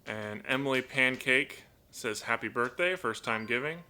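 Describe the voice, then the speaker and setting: A man hosting a casual live stream from home, chatting in a rambling way, reading viewer comments aloud and talking softly to his pet bird. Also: mid-range voice, expressive, moderate pace. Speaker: live-stream host and toucan owner. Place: at home indoors.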